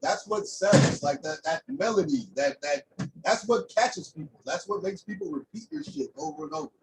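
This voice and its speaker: A man chatting casually in a group, telling animated stories and laughing often. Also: sits high, normal speed, roomy sound. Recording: distant mic with clear background noise.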